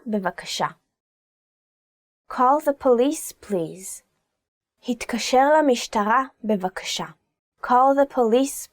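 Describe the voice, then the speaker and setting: A woman's voice: mid-range voice, darkish tone, dry recording, studio quality. Chatty young woman teaching phrases. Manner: chatty and informal, with fillers like "like" and "you know". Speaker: language teacher. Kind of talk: casual language lesson.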